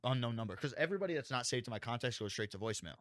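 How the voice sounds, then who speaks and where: Talking very fast at a medium pitch, a young male podcast co-host recounts a story in casual banter. The studio sound is clean with no room sound, and he's animated, swears heavily, and performs the quotes.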